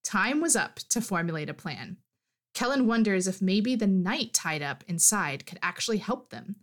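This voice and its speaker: A woman's voice: mid-range voice, animated, moderate pace. A woman co-hosting a podcast, animatedly recapping a fantasy story in casual chat. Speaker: podcast co-host.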